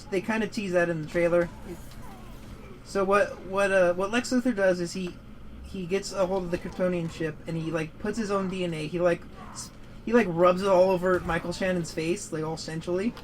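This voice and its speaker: A man's voice: high-pitched, steady tone, normal speed, slight background noise, low-quality recording. A man giving casual gaming commentary, rambling and swearing as he rants about a movie. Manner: rambling, profane, prone to heated rants. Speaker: gaming show co-host.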